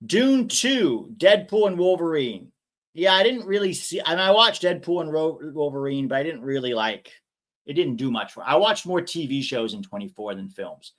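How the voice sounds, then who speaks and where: Young male streamer, higher voice, rambles through chat questions. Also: expressive, normal speed, a bit bright. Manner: chatty, rambling, reads viewer comments aloud. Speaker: watch-along host reading chat. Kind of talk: casual live-stream chat.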